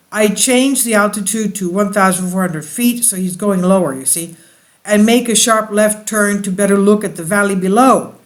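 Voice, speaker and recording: High-voiced man reading a diary aloud. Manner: halting reading with slips, restarts and fillers; breaks off to explain to listeners. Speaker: channel host reading and commenting.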